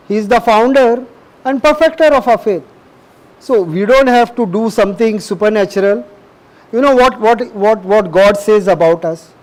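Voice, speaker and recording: A man's voice: high-pitched, a little mellow, rough recording. A middle-aged man preaching a sermon, emphatic and repetitive, often asking the audience questions.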